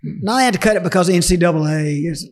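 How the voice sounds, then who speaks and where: A man who coaches high school football in Texas, telling lively stories over casual chat. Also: fast. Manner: animated storyteller, acts out quotes.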